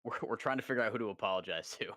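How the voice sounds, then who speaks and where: A man's voice: lowish voice, very fast, bright, forceful tone. A young man talking to friends over voice chat during a game, laid-back and swearing casually. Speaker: teammate on voice chat.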